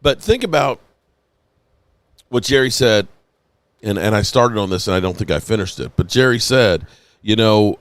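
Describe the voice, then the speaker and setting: A man hosting a sports channel, reacting live on a stream, tipsy from rum and rambling in an excited, emotional way with plenty of swearing. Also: mid-range voice, moderate pace, pauses often, dry recording.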